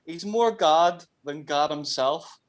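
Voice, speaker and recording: A man's voice: fairly high pitch, takes it slowly. A man co-hosting a podcast, joking along and urging the host to vent. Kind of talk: casual chat.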